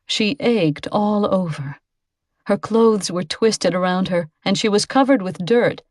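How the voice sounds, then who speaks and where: A female audiobook narrator with a mid-range voice reads a novel aloud from a script, measured yet expressive. The sound is clean studio audio with no echo.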